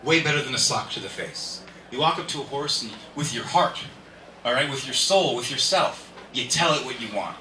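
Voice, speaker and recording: A man's voice: mid-range voice, animated, moderate pace, pushed and bright. A man doing a stand-up comedy set, rambling and laughing at his own jokes, recorded live at an indoor show. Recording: echoey room, distant mic, faint hiss.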